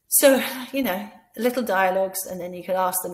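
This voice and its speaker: A woman with a Scottish accent giving instructional advice to teachers, now and then slipping into a bright voice as she acts out talking to children. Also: mid-range voice, fairly quick, gravelly, hardly any pauses. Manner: demonstrates by speaking to imagined children in a bright teacher voice. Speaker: teacher trainer. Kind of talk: instructional talk with classroom role-play.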